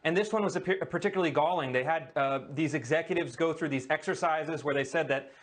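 A man speaking in a measured interview style, explaining with small hesitations. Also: fairly high pitch. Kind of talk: calm interview talk.

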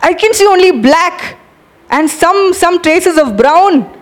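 High-voiced woman preaching energetically. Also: slow. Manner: energetic, urging the audience, animated demonstrations. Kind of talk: sermon.

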